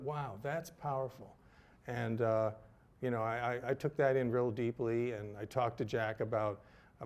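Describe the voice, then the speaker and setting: An older man tells a personal story in a reflective, candid way. His voice sits at an ordinary middle pitch, and he stays wry enough to laugh at himself. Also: darkish tone. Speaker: speaker telling his story.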